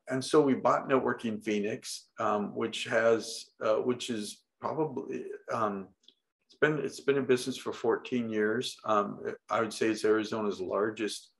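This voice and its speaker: A man's voice: medium pitch, steady tone, a little slow, vocal fry, fairly bright tone. A middle-aged man talking casually as an interview guest, rambling with lots of fillers and restarts and the odd swear word. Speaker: podcast guest.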